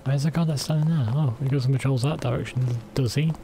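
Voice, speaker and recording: A man's voice: mid-range voice, steady tone, fast, mellow. A man streaming a game, giving casual, self-deprecating commentary with many fillers.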